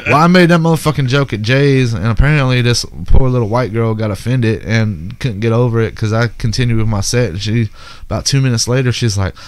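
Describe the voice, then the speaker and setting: A man's voice: mid-range voice, fairly quick, clean tone, no echo. A man co-hosting a podcast, telling crude comedy club stories with lots of profanity and acting out the people in them. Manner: profane, animated, acts out voices in his stories. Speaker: podcast co-host, stand-up comic. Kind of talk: crude comedic storytelling chat.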